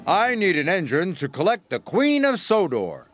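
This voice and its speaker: A man voicing a brisk, businesslike middle-aged railway boss who speaks formally and matter-of-factly. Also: high voice, wildly swooping pitch, over music, voice pushed up.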